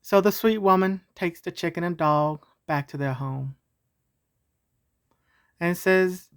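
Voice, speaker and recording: A woman's voice: lowish voice, slow pace, long pauses, smooth. A woman telling a homemade story in a casual, meandering way. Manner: casual, meandering, with fillers and restarts.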